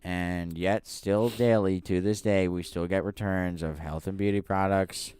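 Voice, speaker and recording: A young man hosting a podcast, telling a story in casual, animated talk with some swearing. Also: low-pitched, a little slow, clean tone, dry recording. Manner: animated, swearing, frequent restarts. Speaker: podcast host.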